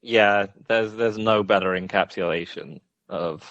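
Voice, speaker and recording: Low-voiced guy co-hosting a podcast, wry, halting, says uh a lot. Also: fairly bright tone, no room sound, muffled recording. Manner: wry, halting delivery with many fillers. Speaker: podcast co-host. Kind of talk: casual podcast chat.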